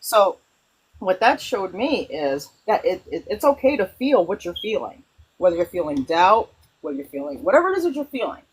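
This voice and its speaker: A woman hosting a spiritual conversation who tells stories in an animated way, with frequent restarts. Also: mid-range voice, normal speed, slight background noise, poor audio. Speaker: host.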